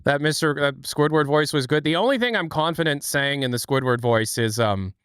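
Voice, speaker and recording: Co-host, easygoing man, smooth voice, rambling, laughs at himself. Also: a little high, a little fast, a bit bright, dry recording, clean studio sound. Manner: laughing, rambling, self-mocking. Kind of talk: casual livestream chat.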